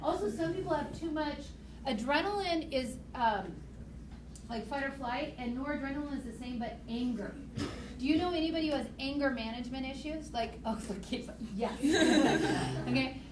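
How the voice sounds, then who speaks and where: A high-voiced woman lecturing a class of teens, chatty and animated, slipping into little acted-out bits. She is picked up from across an echoey classroom with a clear hiss of noise behind her. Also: moderate pace. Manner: lively, chatty, acts out examples. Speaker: high school biology teacher. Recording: echoey classroom from far off, noisy.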